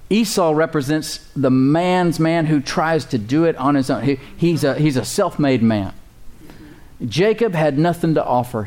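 A man's voice: mid-range voice, darkish tone. A man preaching a sermon as pastor, calling out to the congregation for responses and chuckling often.

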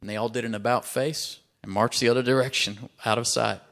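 A man's voice: steady tone, a little fast, vocal fry. Emphatic male preacher telling stories. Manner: rising to emphatic, loud peaks; acts out quoted characters in a higher voice. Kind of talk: sermon with storytelling.

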